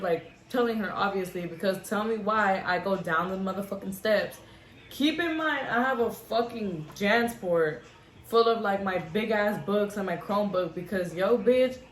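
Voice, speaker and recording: A young woman telling a brash, profane, animated story while getting ready, vlog style. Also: medium pitch. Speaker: vlogger. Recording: echoey room with background noise.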